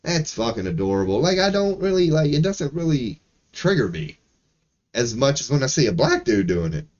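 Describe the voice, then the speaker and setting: On his livestream, a streamer from Maryland rants casually at normal speed in a mid-range voice. He's animated and profane, tossing in laughing asides, and the recording lacks high frequencies.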